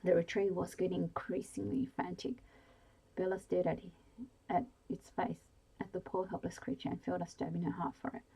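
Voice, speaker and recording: A woman reading a bedtime story aloud in whispered role-play. She reads slowly and soothingly, with a few small slips. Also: fairly low pitch, vocal fry, dark tone, husky, low-quality recording.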